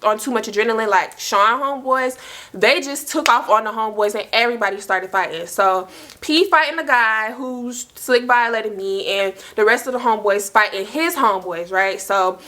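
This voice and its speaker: A young woman telling a story casually, with frequent "like" and "y'all" and animated retelling. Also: a little high, moderate pace. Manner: chatty, heavy use of "like" and "y'all", animated retelling. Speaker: storyteller host.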